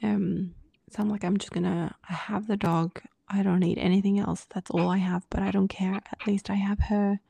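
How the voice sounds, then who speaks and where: Very gravelly, husky woman's voice. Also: mid-range voice, flat delivery, normal speed, warm tone, dry recording. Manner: often drops into a breathy near-whisper; quotes others in dialogue with many fillers. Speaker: podcast co-host. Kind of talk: casual personal storytelling.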